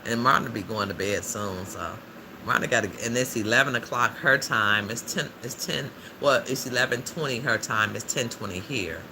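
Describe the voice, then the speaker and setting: A man hosting a livestream in a loose, chatty way, reading out viewers' comments and answering them as he goes, with frequent laughs. His voice has a gravelly rasp at a middling pitch. Steady background noise runs under everything. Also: moderate pace. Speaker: livestream host. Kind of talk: casual livestream chat with viewers. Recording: noisy background ambience.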